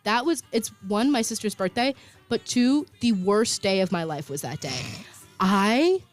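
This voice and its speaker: A woman's voice: mid-range voice, expressive, unhurried, soft background music. Chatty young woman radio co-host. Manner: chatty, laughs often, many fillers. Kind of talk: casual on-air chat. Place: college radio studio.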